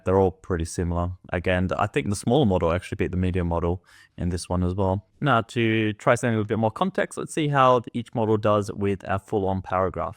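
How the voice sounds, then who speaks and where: A man hosts a tech video in a fairly low voice, speaking relaxed, tentative verdicts with plenty of fillers. He calls his own reading voice monotone. The recording is close and dry. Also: no room sound. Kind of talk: casual commentary.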